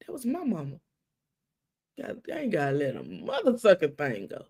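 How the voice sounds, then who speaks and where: On her live stream, a middle-aged woman with a gravelly edge briskly shares a personal story. She performs the dialogue, sinking into dramatic hushes and then rising high with emotion.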